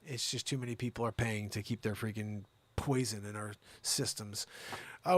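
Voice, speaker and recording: A man hosting a live-streamed comedy news show, rambling and sarcastic, jumping between loud reading and muttered asides. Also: on the low side, fairly even intonation, moderate pace, no room sound, studio quality.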